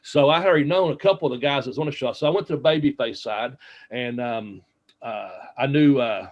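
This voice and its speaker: A man's voice: mid-range voice, fairly quick, highs cut off. Male interview guest, casual storyteller, mid-range voice, loose and chatty with frequent fillers. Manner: rambling anecdotes with many fillers and quoted dialogue. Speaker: interview guest, former wrestler.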